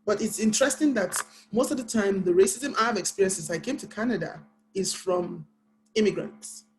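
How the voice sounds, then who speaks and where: A woman's voice: medium pitch, moderate pace, low-quality recording. Nigerian woman, author guest on a panel; Nigerian English accent, earnest storytelling, carefully paced speech.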